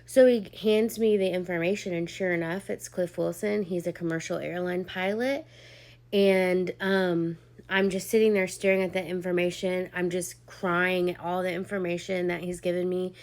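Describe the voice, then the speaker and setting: A young woman with a somewhat low voice tells a personal story to camera. She talks casually, filling her sentences with "like" and "um". Her voice carries emotion, close to tears at times. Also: level tone, moderate pace, a little mellow. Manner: chatty, heavy on "like" and "um", acts out quoted dialogue. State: emotional, near tears at points. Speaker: vlogger sharing a personal testimony.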